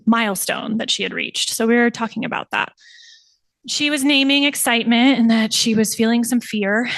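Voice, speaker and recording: A woman's voice: a little high, no echo. A young woman presenting her thesis, telling a client's story and animatedly acting out the quoted voices with laughs. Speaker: somatic practitioner presenting thesis.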